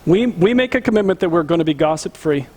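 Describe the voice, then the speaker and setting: A middle-aged man, a pastor, preaching a sermon and telling a personal story in an animated, earnest way. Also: sits high, fast talker.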